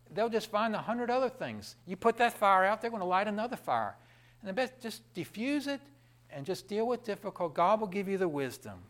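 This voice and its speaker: A man preaching a sermon in a lively, conversational way, with asides to the congregation. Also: high voice, moderate pace.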